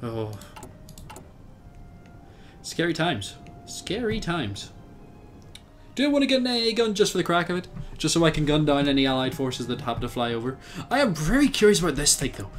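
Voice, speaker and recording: Young Irish guy, gameplay commentator: chatty, animated, a bit high-voiced, faint music bed. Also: fast talker, hardly any pauses. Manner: chatty, thinking aloud, laughs often, bursts of excitement. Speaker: game commentator. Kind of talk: casual let's-play commentary.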